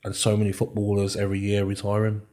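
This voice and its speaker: A man's voice: on the low side, monotone, quick pace, warm tone. A man in his thirties with a Birmingham accent chats easily as a podcast guest. His talk is loose and rambling, full of ums and "you know what I mean". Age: 30s. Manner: chatty, many fillers and repeated "do you know what I mean". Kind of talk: casual interview chat.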